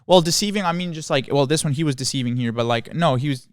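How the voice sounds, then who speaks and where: A man co-hosting a podcast in casual chat, earnest and playful, getting excited easily. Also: on the high side, fast, no room sound, studio quality. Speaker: podcast co-host.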